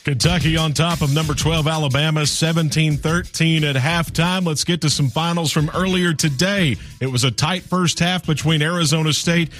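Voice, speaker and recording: A man anchoring a radio sports scoreboard update, brisk with small fillers between scores. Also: on the high side, steady tone, a bit bright, soft background music.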